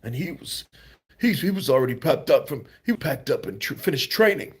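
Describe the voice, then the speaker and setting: A man's voice: a little high, big pitch swings, normal speed, breathy edge, voice pushed up, exaggerated voice. A man putting on a shaky Cockney voice as a defensive older male boxing promoter.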